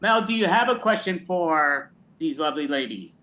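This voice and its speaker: Male show host, slightly high voice, friendly and rambling, on a video call. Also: animated, moderate pace, pushed and bright. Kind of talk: casual online show chat.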